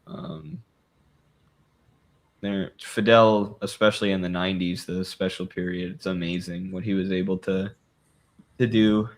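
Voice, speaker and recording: Low-voiced man in rambling profane chat. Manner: rambling, profane, quick to laugh. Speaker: podcast co-host. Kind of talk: casual political chat.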